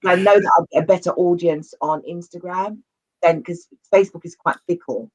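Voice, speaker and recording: A man's voice: sits high, steady tone, normal speed, darkish tone. A man speaking as an interview guest on men's mental health, earnest and rambling, often repeating himself. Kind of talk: casual conversational interview. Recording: dull lo-fi audio.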